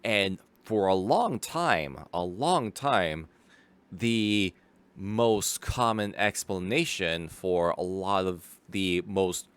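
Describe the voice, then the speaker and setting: Slow, low-voiced man rambling. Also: fairly bright tone, clear, resonant tone. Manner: rambling, many fillers and restarts, laughs easily. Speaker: streamer. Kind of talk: casual live watch-along commentary.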